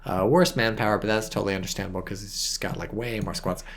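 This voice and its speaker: Gravelly tipsy man casting a game. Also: fairly low pitch, fairly even intonation, fast. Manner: rambling, profane, self-mocking asides. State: tipsy from wine. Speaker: shoutcaster. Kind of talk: casual game commentary.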